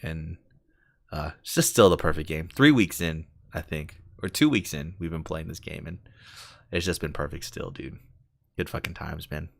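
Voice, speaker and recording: A man's voice: rumbling low, moderate pace, vocal fry, no echo. A man hosting a casual gaming podcast, laid-back and slangy, telling game stories. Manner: laid-back, slangy, says "dude" a lot. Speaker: podcast host. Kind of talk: casual chat.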